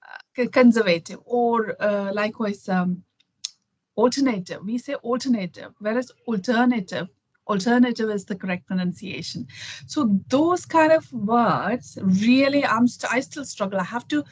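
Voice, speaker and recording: A woman's voice: a little high, normal speed, slightly rough, no room sound. A middle-aged woman from Kerala speaks with an Indian accent, chatting as a guest over a video call. She thinks aloud, with many fillers and restarts. The sound is dry and close. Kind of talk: casual conversation.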